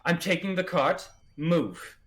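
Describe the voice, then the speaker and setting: A man's voice: a little high, expressive, slow, fairly bright tone. A man voicing a wounded male cart driver who stammers as he hurriedly pleads his side of the story. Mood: defensive.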